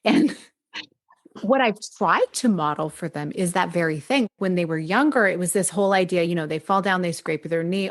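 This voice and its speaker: A woman's voice: on the low side, normal speed. A woman in her forties hosts a podcast interview. She speaks reflectively and agreeably. Her tone is that of an easy conversation. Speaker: podcast host.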